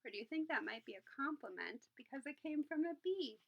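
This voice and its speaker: A woman's voice: high-pitched, brisk, vocal fry, muffled recording. A woman, a Sunday school teacher, reading a picture book aloud to children and asking them questions along the way. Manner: animated, asks the children questions.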